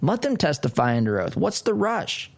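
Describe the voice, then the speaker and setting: A man's voice: a little high, moderate pace, gravelly. Emphatic male talk radio host. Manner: emphatic, animated, mocking asides. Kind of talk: political talk radio monologue. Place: studio.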